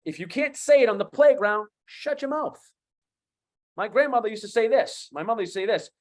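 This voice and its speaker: A man in his fifties with a Boston accent, speaking as a guest coach on an online talk show, animated and emphatic, repeating key phrases. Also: high voice, quick pace. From USA. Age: 50s.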